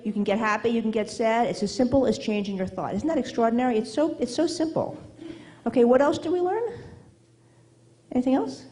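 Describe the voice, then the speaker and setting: Emphatic woman writing coach, mellow voice. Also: mid-range voice, rough recording. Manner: emphatic, teasing, quick asides asking "okay?". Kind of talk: motivational talk to a live audience. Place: event hall with an audience.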